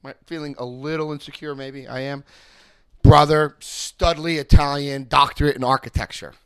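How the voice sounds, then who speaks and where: Animated man telling a recovery story. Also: fairly high pitch, moderate pace, clear, resonant tone, dry recording. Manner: animated storytelling, repeats phrases for emphasis. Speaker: recovery group speaker. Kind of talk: personal testimony and step study talk.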